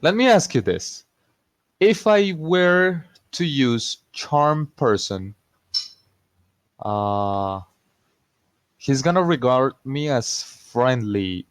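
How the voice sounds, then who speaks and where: A man's voice: mid-range voice, very animated, no room sound. A man playing a tabletop game, talking hesitantly with lots of fillers. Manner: hesitant, filler-heavy, slow-spoken. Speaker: player. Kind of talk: casual in-character tabletop play.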